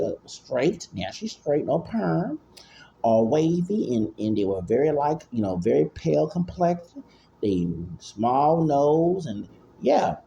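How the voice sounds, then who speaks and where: Guy in his 40s rambling on, stammers and repeats a lot, kinda gravelly. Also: a little high, warm tone, slight background noise. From Houston, Texas. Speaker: vlogger. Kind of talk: casual commentary.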